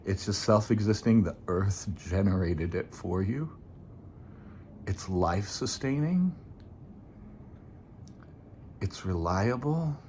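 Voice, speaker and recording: Gentle low-voiced male meditation teacher. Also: expressive, a little hiss or hum. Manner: gentle, unhurried, informal with light laughter. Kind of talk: dharma talk leading into guided meditation.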